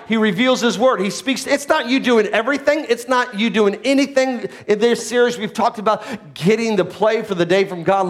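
A man preaching a sermon as pastor, swinging between loud, excited preaching and low, quiet asides.

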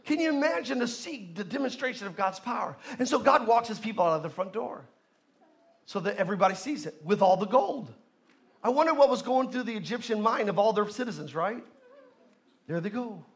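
A man's voice: sits high, expressive, fairly quick. A male pastor preaching a sermon at a church service, leading the congregation in call and response.

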